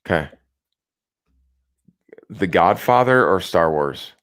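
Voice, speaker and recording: A man's voice: low voice, expressive, slow, a bit bright, clear, resonant tone. A young man hosting a casual live video chat, easygoing and joking, with plenty of ums. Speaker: host. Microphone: video call.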